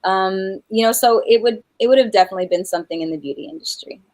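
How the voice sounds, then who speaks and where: Speaking fast in a medium-pitched, slightly mellow voice, a singer from New Mexico in middle age rambles through a casual interview as the guest, using many fillers and restarts and laughing easily. The rough recording has a little hiss or hum.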